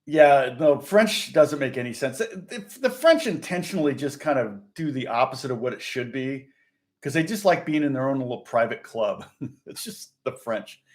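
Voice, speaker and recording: A man's voice: mid-range voice, expressive, normal speed. A middle-aged man from Indiana, a guitar teacher rambling through a casual lesson chat, chuckling and restarting often. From Indiana, USA.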